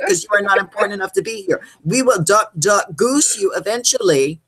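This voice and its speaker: A woman co-hosting a reality show recap, ranting casually with sassy, profane swings in pitch. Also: animated, fairly quick, fairly bright tone, husky. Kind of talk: casual rant.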